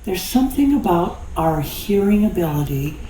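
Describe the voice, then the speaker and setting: A man's voice: high-pitched, very animated, normal speed, dark tone, a little hiss or hum. A pastor in his sixties preaching a sermon in a folksy, conversational way, with jokes and laughter. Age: 60s. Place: church sanctuary. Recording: echoey church hall.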